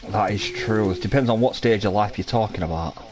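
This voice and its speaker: A man's voice: on the low side, a little fast, a crowd in the background. A British man chatting casually, rambling and repeating himself as he talks. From Britain. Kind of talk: casual chat.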